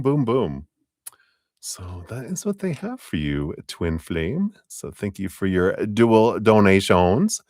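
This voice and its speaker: A man giving a live-stream tarot reading, chatty and easygoing, chuckling often and clearing his throat between remarks. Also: fairly low pitch, a little mellow, dry recording, clean studio sound. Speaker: tarot reader.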